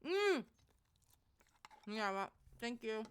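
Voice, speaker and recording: A young woman chatting on a live stream in a fairly high, bright voice with a crisp, clear tone. She rambles easily from one thing to the next and talks straight to her viewers. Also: big pitch swings, drawn-out words. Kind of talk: casual live-stream chat.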